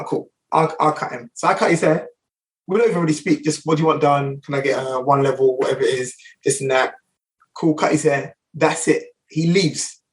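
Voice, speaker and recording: A man's voice: a little high, recorded from a distance, low-quality recording. A middle-aged man with a London accent, a barber guest telling anecdotes in a casual interview, full of fillers and restarts. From England. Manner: rapid anecdotal, many fillers.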